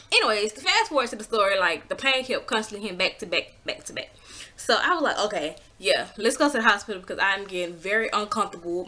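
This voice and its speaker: A young woman in her twenties telling a storytime to camera, casual and blunt, acting out her own past lines with big swings in pitch. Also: pushed and bright. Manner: blunt, swears freely. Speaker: vlogger.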